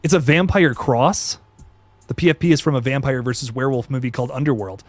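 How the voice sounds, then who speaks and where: A young man hosting a casual live stream, reading chat and reacting with excitable slang and quick restarts. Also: medium pitch, no room sound, soft background music. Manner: excitable, laid-back slang, frequent laughs and restarts.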